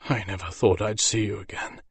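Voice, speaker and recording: A man voicing a frail, dying old male mage who speaks in a soft, hoarse, tender voice. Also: lowish voice, steady tone, fairly quick, no room sound, full character voice. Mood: gentle, tender. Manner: tender and weary.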